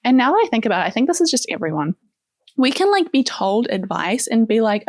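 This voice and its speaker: A woman's voice: a little high, very animated, brisk, no echo, clean studio sound. A woman from New Zealand with a New Zealand accent, hosting in a casual, chatty, playful way with lots of fillers. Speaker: host. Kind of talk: casual chat.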